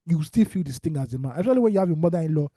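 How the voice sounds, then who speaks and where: Nigerian male podcast co-host, playful banter, mellow tone, close and dry. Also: fairly high pitch, animated, very fast, no echo. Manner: playful, joking, slips into Pidgin. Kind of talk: casual banter.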